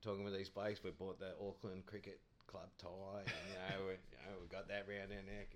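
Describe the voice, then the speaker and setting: A man's voice: low voice, flat delivery, a little fast, slight background noise. A man, a podcast guest telling cricket anecdotes in a rambling, chatty way, laughing often.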